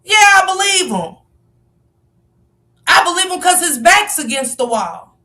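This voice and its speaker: A woman's voice: very high-pitched, sing-song, measured pace, pushed and bright, far from the mic. A woman giving passionate live-stream commentary, firing off rhetorical questions and sometimes raising her voice. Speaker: livestream commentator.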